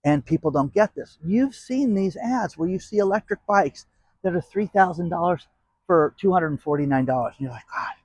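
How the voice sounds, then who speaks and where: A man runs his own channel, chatting casually to viewers and hammering his points home with a repeated "okay?". His voice sits high and expressive with a darkish tone, moving at normal speed with no echo.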